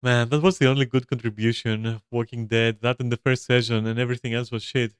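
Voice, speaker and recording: A man's voice: medium pitch, little pitch movement, quick pace, smooth, dry recording, studio quality. A young man streaming a video game, chatting casually to his viewers in a rambling, swearing, laugh-prone way. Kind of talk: casual gameplay commentary to chat.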